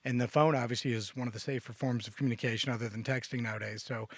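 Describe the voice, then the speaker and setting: A man chatting casually on a church talk show, telling stories with animated quoted lines. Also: rapid-fire, dry recording. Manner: animated storyteller, quotes others with raised pitch. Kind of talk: casual conversation.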